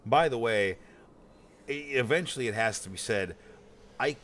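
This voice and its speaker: A man's voice: fairly low pitch, animated, moderate pace, fairly bright tone. An American man streaming a game, chatting casually, rambling with repeated words and cursing freely. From United States. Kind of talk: casual gaming chat.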